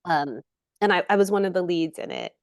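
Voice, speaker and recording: Animated woman telling stories. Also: on the low side, brisk, clean tone, no room sound, clean studio sound. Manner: animated storyteller, acts out quotes. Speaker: actress guest. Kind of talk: casual interview chat.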